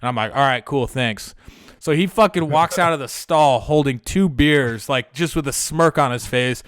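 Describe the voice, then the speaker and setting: A young man with a somewhat high, clear, resonant voice speaks at normal speed with no echo. Hosting a podcast, he tells a long, profane story in a loose, rambling style packed with filler words.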